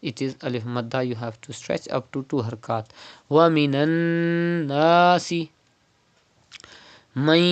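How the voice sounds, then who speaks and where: Bright-toned male Quran teacher. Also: on the high side. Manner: slow drilled recitation with step-by-step explanations. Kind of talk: online tajweed lesson.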